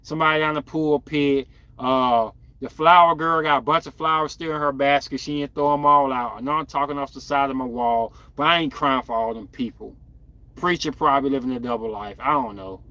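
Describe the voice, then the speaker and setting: Responding to viewer comments, a podcast host talks bluntly and casually in slang, breaking into animated outbursts. He has a mid-range voice, and the recording has no room sound.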